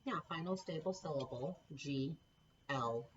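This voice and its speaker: A woman's voice: low-pitched, unhurried, muffled recording, slight background noise. A woman teaching a recorded phonics lesson to children, patient and encouraging, spelling out letter sounds one by one. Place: home classroom setup with a board.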